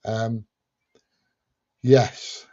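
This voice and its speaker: A man's voice: lowish voice, little pitch movement, extremely slow, warm tone. Man, livestream host, casual chat, reads out questions, muffled lo-fi sound. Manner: reads out viewer questions and answers them plainly.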